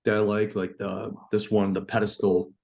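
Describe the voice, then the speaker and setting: Deep monotone guy from new york, farmer telling a hunting story, swears a lot. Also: normal speed, creaky. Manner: excited, profane storytelling. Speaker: farmer and hunter, podcast guest. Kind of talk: casual storytelling.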